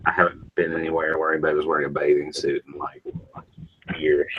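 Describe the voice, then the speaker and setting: A man's voice: rumbling low, completely flat delivery, fast talker, phone-quality sound, a little hiss or hum. A man hosting a casual morning chat show, asking rambling questions full of restarts.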